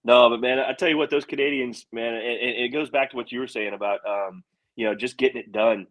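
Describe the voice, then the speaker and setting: An American man and veteran hosting a podcast, animated and laughing, stumbling and swearing as he tells stories. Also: medium pitch, a little fast, no room sound, rough recording. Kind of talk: casual chat.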